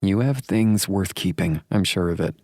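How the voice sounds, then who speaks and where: A man voicing a warm, teasing young woman who speaks in a playful, insistent way in an audiobook. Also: sits low, moderate pace, no echo, clean studio sound, pitched above the performer's own voice.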